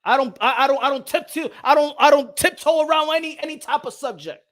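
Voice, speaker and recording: Shouting, mocking high-voiced man. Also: fast, background noise. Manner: loud, mocking, profane, often shouting. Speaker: boxing channel host. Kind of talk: heated ranting commentary.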